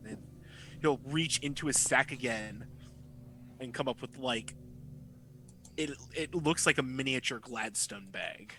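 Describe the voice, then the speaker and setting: A man with a bright, forceful voice at a mid pitch, talking casually as a player in a tabletop game. His manner is chatty and playful. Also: measured pace, pauses often, a little hiss or hum.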